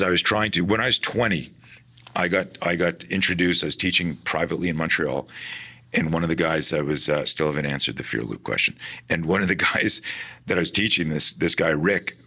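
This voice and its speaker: A man talking casually in an interview about his work teaching personal defense, animated, acting out the people in his stories with many restarts. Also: very deep voice, breathy edge. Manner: animated, acts out quoted dialogue, frequent restarts. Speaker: guest, personal defense instructor.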